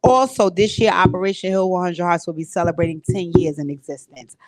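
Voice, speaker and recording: A woman's voice: lowish voice, fairly even intonation, brisk, crowd noise. Woman host, casual live stream from home, direct and emotional with viewers. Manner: emotional, talks to viewers directly, tearful at times. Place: home recording space.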